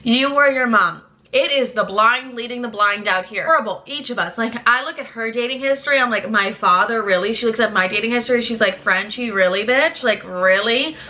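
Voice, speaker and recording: Bright, blunt, chatty young woman. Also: brisk, hardly any pauses. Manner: chatty and blunt, swears freely, animated pitch swings. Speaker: lifestyle creator. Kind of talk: candid casual chat to camera.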